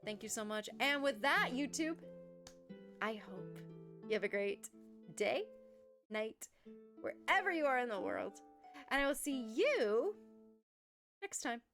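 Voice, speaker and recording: A woman's voice: on the high side, measured pace, pauses often. A young adult woman streamer chatting animatedly and laughing at herself as she wraps up her stream. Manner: animated, self-deprecating. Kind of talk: casual stream outro. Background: faint music.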